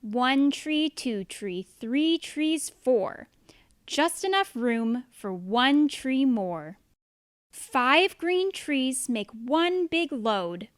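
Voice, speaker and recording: Brief: bouncy woman reader, highish voice with wide swings in pitch. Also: expressive, extremely slow, no room sound. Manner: playful, bouncy, with animal noises. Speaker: storybook reader. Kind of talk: reading a rhyming picture book aloud. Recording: dry and close.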